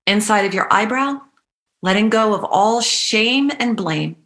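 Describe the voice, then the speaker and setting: A woman coaching a guided EFT tapping meditation, giving slow, soothing, repetitive cues. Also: medium pitch, expressive, fairly bright tone. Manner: playful bursts of animal noises and laughter.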